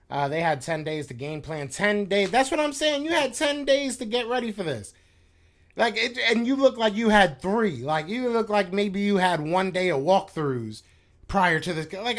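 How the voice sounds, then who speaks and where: A man hosting a sports podcast live stream, venting in a frustrated, slangy, repetitive casual rant. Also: high-pitched. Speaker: podcast host reacting to chat.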